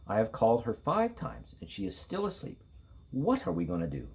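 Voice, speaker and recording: Man doing a fretful high-voiced mom. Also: huge pitch swings, normal speed, vocal fry, a little mellow, breathy edge, exaggerated voice. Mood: fretting. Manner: high, pleading, sing-song. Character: fretful mother, woman, worried.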